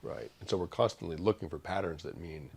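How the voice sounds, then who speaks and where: A middle-aged man speaking as an interview guest, thoughtful and halting, with many fillers and restarts. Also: sits low, gravelly, darkish tone, breathy edge. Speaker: author guest. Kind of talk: reflective interview conversation.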